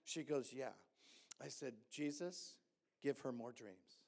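A man, a pastor, telling a story in a sermon and acting out the dialogue with lively energy. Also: mid-range voice, slow. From Hamilton.

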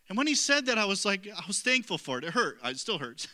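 Bright, high-voiced male pastor preaching. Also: big pitch swings, fast talker, few pauses. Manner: earnest, conversational, self-deprecating. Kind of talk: sermon.

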